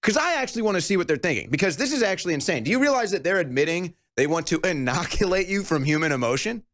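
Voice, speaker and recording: A man's voice: sits high, big pitch swings, fast, a bit bright. A man hosting a show, ranting indignantly and sarcastically about a video clip he has just played, his voice climbing as he gets worked up. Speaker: host.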